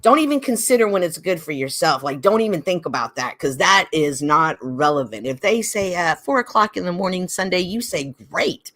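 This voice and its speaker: A woman's voice: on the low side, animated, fairly quick, few pauses, a bit bright. A middle-aged woman hosting a talk show, speaking emphatically in casual, heated chat and repeating her points. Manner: emphatic, repeats points, mimics others in quoted asides. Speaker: podcast host.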